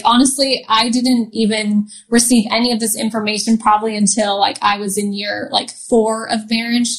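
A woman's voice: fairly high pitch, rough recording. A woman in her thirties, a podcast guest, telling a personal story in a chatty way with frequent laughs and restarts. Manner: chatty, laughs often, many fillers and restarts. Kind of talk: casual storytelling in an interview.

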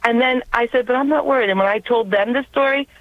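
A woman's voice: a little high, no echo. New York woman on a tinny phone line. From Long Island, New York. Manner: earnest, quick, conversational. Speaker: caller. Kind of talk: telling a personal faith story. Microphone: telephone.

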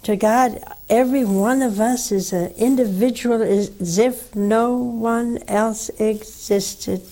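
A woman's voice: a little high, fairly even intonation, slow pace, dark tone. An older woman, a nun, preaching earnestly and counseling callers, with frequent rhetorical questions. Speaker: nun hosting a call-in religious program. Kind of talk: sermon and call-in counsel.

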